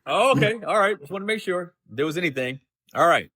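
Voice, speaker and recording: A man hosting a live Bible study, reading scripture aloud and explaining it in a slow, deliberate way, often restating himself. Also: sits high, animated, pushed and bright, no room sound, studio quality. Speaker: host of a Bible study show.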